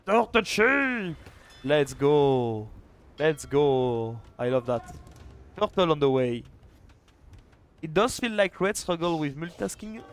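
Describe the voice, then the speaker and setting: A man casting a live strategy game match, chatty and excitable, with quick restarts. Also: on the high side. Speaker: esports caster and streamer. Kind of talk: live video game commentary.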